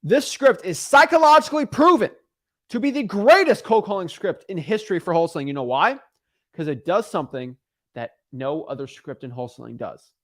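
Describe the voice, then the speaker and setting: A man's voice: a little high, fairly bright tone. A man in his twenties teaching real estate wholesaling on a livestream, talking in a hyped-up, rambling way and correcting himself often.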